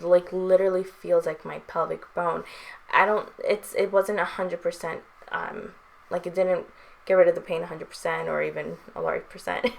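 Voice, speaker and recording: Chatty young woman, low-ish voice. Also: creaky. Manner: chatty, frequent "um" and "like", light laughs. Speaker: vlogger. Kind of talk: casual chat.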